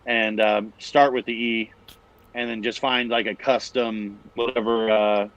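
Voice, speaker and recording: A man's voice: fairly low pitch, little pitch movement, measured pace, fairly bright tone, lo-fi sound. A man from the Bay Area co-hosting a podcast, talking casually with many fillers. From San Francisco Bay Area. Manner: rambling, hesitant, many fillers. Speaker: podcast co-host. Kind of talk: casual chat.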